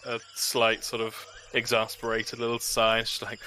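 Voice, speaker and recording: Male game master, very bright timbre, laid-back narration. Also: mid-range voice, completely flat delivery, moderate pace, a little hiss or hum.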